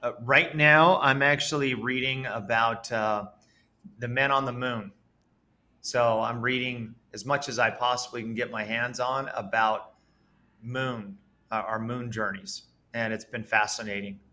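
Bright-voiced, enthusiastic male entrepreneur. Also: medium pitch, fairly even intonation, measured pace. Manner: earnest, enthusiastic, speaks with conviction. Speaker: entrepreneur guest. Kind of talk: conversational interview.

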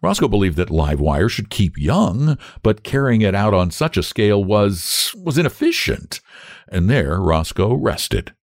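A man narrating a story aloud with expressive storytelling. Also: lowish voice, dry recording, studio quality. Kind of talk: audiobook narration.

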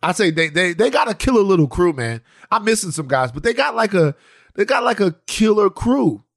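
A man talks casually on a podcast, full of restarts and asides. His pitch sits a little high and swings widely. The sound is close and dry. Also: a little fast, gravelly, dry recording. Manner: animated storytelling, lots of restarts and "you know". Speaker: podcast co-host. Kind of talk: casual chat.

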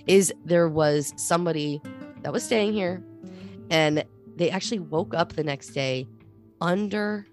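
A woman with a notably low voice chats as a podcast co-host, spinning stories with energy and acting out what people said. Faint music plays underneath. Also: a little slow. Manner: animated storyteller, acts out quotes. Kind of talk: casual chat.

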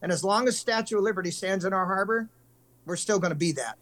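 A man's voice: high-pitched, fast, fairly bright tone. An older man from California, a country singer guest telling long earnest stories in casual interview chat. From California, USA. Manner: earnest, rambling storyteller.

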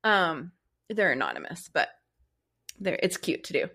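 A woman's voice: fairly low pitch, wildly swooping pitch, unhurried, bright, forceful tone, slightly rough. A young woman co-hosting a podcast, chatting casually, laughing often and telling stories. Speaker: podcast co-host. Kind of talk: casual chat.

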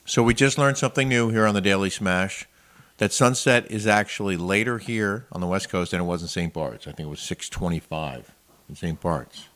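A man's voice: deep voice, normal speed, fairly bright tone. A man co-hosting a casual daily chat show, talking easily and reading sponsor plugs. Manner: chatty, reads sponsor ads, laughs often. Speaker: co-host.

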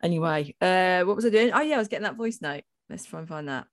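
Woman, podcast co-host, casual chat, lively swooping voice, laughs a lot, swears. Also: lowish voice, quick pace. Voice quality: animated, laughs often, swears freely.

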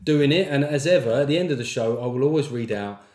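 A man's voice: medium pitch, fast talker, a little mellow, roomy sound. A man hosting a podcast, delivering a sweary, jokey comic monologue and reading out listener reviews. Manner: sweary, jokey, slips into mock accents. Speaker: podcast host.

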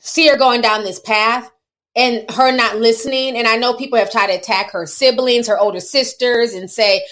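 A woman talking through celebrity gossip in a chatty, opinionated way, with a voice pitched a little high. She addresses her viewers directly and teases them as she goes. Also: steady tone, normal speed, fairly bright tone. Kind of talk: casual commentary.

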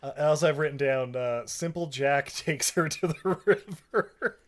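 A man on a podcast retelling a movie scene by scene, laughing a lot and slipping into quick character voices. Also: a little high. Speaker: podcast co-host. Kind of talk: casual movie recap chat.

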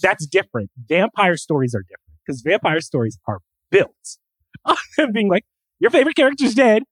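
A man co-hosting a casual pop-culture chat, excitable and acting out quotes with the odd swear word. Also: high-pitched, moderate pace, slightly rough, no echo, low-quality recording. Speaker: podcast co-host.

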